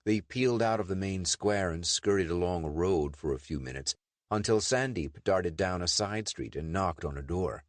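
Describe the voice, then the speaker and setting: A man narrating a pulp adventure audiobook in lively storytelling. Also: deep voice, normal speed, no room sound. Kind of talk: scripted narration.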